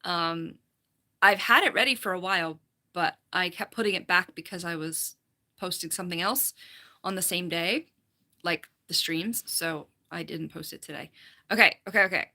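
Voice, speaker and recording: Woman, live-stream host, worn fried voice, bright edge, chatty and giggly, computer mic at home. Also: lowish voice, normal speed. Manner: chatty, giggly, rambling, reads chat aloud. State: voice worn, slight vocal fry. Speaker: livestream host, falconer. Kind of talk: casual live-stream chat with viewers.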